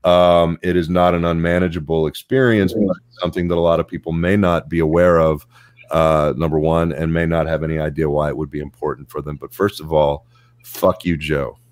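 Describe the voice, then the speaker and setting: A man's voice: very deep voice, flat delivery, brisk, a little mellow, no room sound. A man hosting a podcast, asking long rambling questions in a casual chat. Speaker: podcast host.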